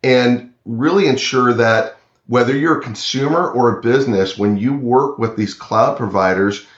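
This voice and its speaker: The audio is lo-fi and reverberant as a medium-pitched man discusses cloud security, appearing as a remote interview guest from home. Earnest in manner, he tends to repeat words and voices what hypothetical clients might say.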